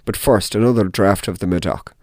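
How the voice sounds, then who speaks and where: A man's voice: on the low side, a little fast, a little mellow, no room sound, clean studio sound, natural voice. A man voicing a tipsy, proud nobleman dressed as a jester, in a dramatic audiobook reading.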